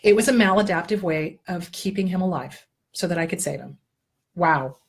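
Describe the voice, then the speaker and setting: Blunt, husky-voiced woman coaching listeners. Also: fairly low pitch, moderate pace. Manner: blunt, earthy and profane, with lively asides; gently coaching, walking the listener through exercises. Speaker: therapist and show host. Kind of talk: casual self-help advice talk.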